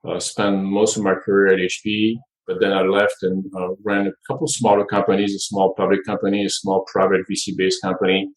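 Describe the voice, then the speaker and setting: A middle-aged man from France with a French accent, telling his story in a relaxed podcast interview. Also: sits low, brisk, rough recording. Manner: relaxed storytelling, light humor. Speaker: board chair guest.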